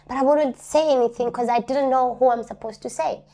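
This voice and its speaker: A woman giving personal testimony as an interview guest. She talks earnestly, repeats key phrases for emphasis and acts out other people's words in lively voices. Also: sits high, brisk.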